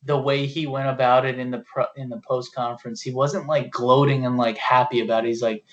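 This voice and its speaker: Blunt, cussing young podcast co-host. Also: male voice, mid-range voice, flat delivery, brisk, hardly any pauses, highs cut off. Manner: blunt, profane, quotes people in mocking voices. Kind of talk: casual sports chat.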